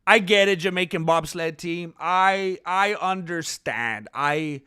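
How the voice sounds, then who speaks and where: A man with a high voice hosts a casual live stream, reading out comments and bantering in a relaxed way. He talks unhurriedly, and the sound is close and dry. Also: measured pace, clear, resonant tone, dry recording. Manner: laid-back, chuckling banter.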